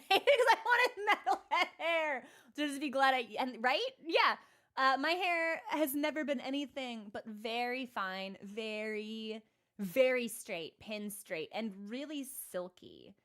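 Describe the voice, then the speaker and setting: A woman's voice: a little high, lively intonation, a little slow, a bit bright. A woman streaming a game, chatting casually in a rambling, sarcastic and self-mocking way with many fillers. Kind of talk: casual chat while gaming.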